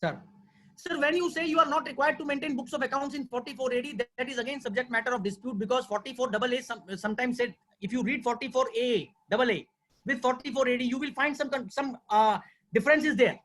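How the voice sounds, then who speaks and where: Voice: high voice, fast talker, a bit bright, slight background noise. A tax law speaker with an Indian accent giving an earnest webinar lecture over a video call, repeating key points and addressing listeners as sir.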